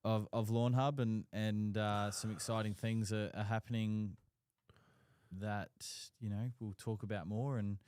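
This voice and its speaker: A man's voice: on the low side, little pitch movement, a little slow, a little mellow, clean tone, no room sound, clean studio sound. An Australian man co-hosting a casual talk show, easygoing and a little hesitant, with plenty of ums and restarts. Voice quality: easygoing, hesitant, lots of fillers. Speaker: podcast co-host. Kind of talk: casual chat.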